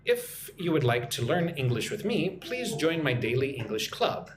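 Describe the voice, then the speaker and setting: An American man teaching English in a live online lesson, repeating example phrases slowly and clearly for learners. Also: medium pitch, sing-song, echoey room, crowd noise. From United States. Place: at home.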